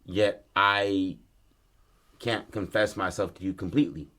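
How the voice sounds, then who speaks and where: A man with a fairly low voice pitches a story in relaxed podcast chat. He talks loosely and swears freely, and he drops into quick character lines as he goes. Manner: laid-back, profane, acts out lines in his story. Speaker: podcast co-host.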